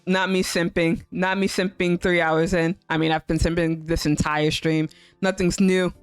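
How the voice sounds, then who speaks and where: Young woman streamer, smooth clean voice, dry close mic, giggly and gushy, says like a lot. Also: on the low side, level tone, moderate pace, no echo, soft background music. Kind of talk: casual livestream chat, reading a visual novel aloud.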